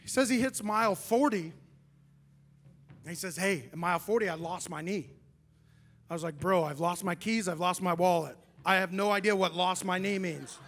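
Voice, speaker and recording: A young man preaches from the pulpit, his voice sitting high as he tells a story. He jokes at his own expense and slips into his friend's words as he goes. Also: moderate pace. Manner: animated, self-deprecating storyteller, acts out a friend's lines. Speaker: pastor. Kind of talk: sermon with storytelling.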